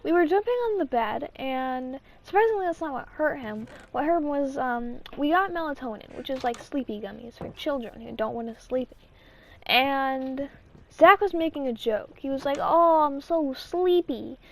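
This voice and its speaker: A woman with a high, light voice tells stories in a loose, chatty vlog style. She rambles, restarts her sentences and acts out what people said along the way. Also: animated, normal speed, fairly bright tone. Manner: rambling, with restarts and acted-out quotes. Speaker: channel host. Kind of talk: casual storytime chat.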